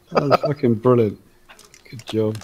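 A man's voice: mid-range voice, fairly bright tone, breathy edge. A laid-back man chatting over voice chat in a co-op game, laughing easily and swearing casually. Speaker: gamer.

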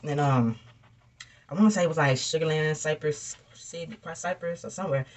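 A woman's voice: low-pitched, moderate pace. A young woman, chatting animatedly to viewers while doing her makeup. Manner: animated, chatty, addresses viewers as y'all and girl. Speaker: beauty vlogger. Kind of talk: casual storytelling makeup tutorial.

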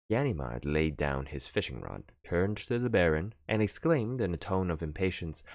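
A man narrating a classic novel as an audiobook, in an expressive, theatrical reading. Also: low voice, moderate pace, few pauses, no echo, studio quality.

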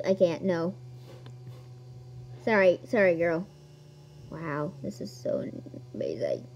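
A woman giving casual gameplay commentary as a video host, excitable and quick to gasp at new things. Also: lowish voice, dull audio, slight background noise. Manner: excitable, gasps and squeals at discoveries.

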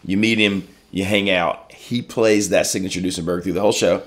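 A man with a very deep voice chats casually with a co-host. He explains his point at length and leans on fillers such as "like" and "you know". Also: fairly even intonation, fairly quick. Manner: chatty, explains with many fillers. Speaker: guitar shop co-host. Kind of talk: casual chat.

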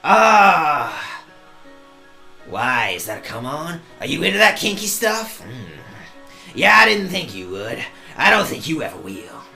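Sarcastic let's player, bright voice. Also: medium pitch, big pitch swings, a little slow, gravelly, faint music behind. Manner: sarcastic, swearing, mocking the game loudly. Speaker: let's play host. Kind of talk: let's play commentary with read-aloud game text.

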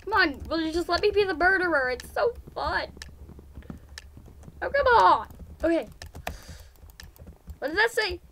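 A woman giving casual gameplay commentary, excitable and giggly, with frequent exclamations. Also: very high-pitched, a little slow, long pauses, a little hiss or hum. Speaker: gamer.

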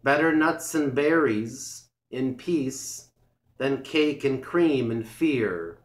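A timid, gentle country mouse from a storybook, as a male reader voices him, soft and wistful, speaking very slowly. The sound carries a clear room echo. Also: medium pitch, animated. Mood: peaceful. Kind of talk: storybook reading. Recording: roomy echo.

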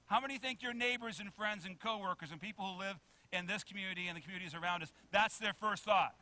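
A male pastor preaching a sermon in a church, animated, acting out quotes and asking the congregation questions. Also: high-pitched, quick pace. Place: church sanctuary.

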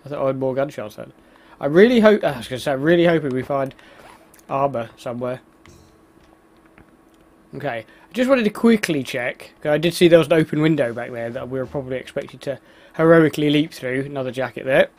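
A man's voice: mid-range voice, expressive, brisk, darkish tone. Chatty man commenting on gameplay. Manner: chatty, exclaims at the game, laughs at himself. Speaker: let's play host.

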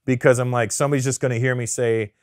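A middle-aged man from Canada, a comedian guest in a casual interview, telling animated, profane stories full of quoted voices. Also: medium pitch, fast talker, dry recording, studio quality.

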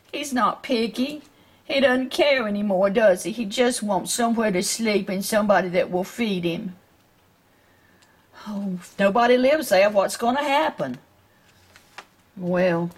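Slow, husky Southern woman reading a storybook aloud. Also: mid-range voice. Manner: gentle, asks the listeners questions. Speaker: storyteller reading a picture book to children.

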